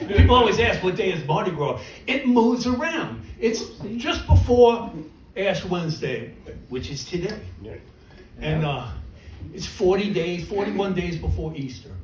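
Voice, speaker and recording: Animated middle-aged male comedian, roomy club. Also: sits high, a little slow, noisy background. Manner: animated, self-mocking storytelling with punchlines. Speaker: stand-up comedian. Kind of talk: stand-up comedy set. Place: small comedy club stage. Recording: roomy venue, mic from a distance, laughing crowd. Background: audience laughter.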